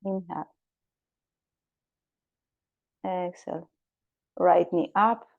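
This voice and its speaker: A woman yoga teacher leads a gentle class at a slow, unhurried pace. Her voice sits a little low, and she calls out breaths and poses with patient calm. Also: creaky, phone-quality sound.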